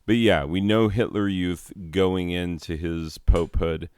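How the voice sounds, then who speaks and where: A man's voice: low-pitched, unhurried, a little mellow, clean tone, no room sound, studio quality. A man hosting a gaming video, rambling sarcastically and laughing as he plays. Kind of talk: casual commentary while playing.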